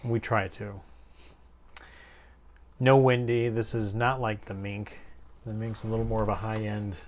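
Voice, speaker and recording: A soft-spoken man co-hosting a live crafting stream, reading viewer comments aloud and chatting casually. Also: lowish voice, flat delivery, a little slow.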